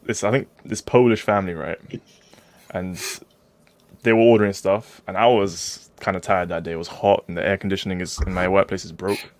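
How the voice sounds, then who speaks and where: A man's voice: low-pitched, steady tone, fairly quick, a little mellow. A young man telling a story on a group video call, laid-back and laughing, using street slang. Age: young adult. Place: hot room with windows open.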